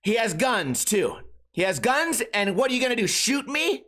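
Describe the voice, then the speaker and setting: A man putting on a sneering, condescending young woman who refuses to back down. She mocks and taunts in a fairly high voice with a defiant edge. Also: sing-song, normal speed, a bit bright. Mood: accusing. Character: rude belligerent young woman, a bad date.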